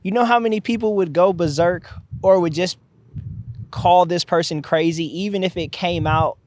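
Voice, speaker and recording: A man's voice: high-pitched, fairly even intonation, normal speed, darkish tone, no echo. A man talking outdoors in windy woods as a podcast guest, blunt and skeptical in casual chat. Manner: blunt, skeptical, swears, laughs easily. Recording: faint wind noise outdoors.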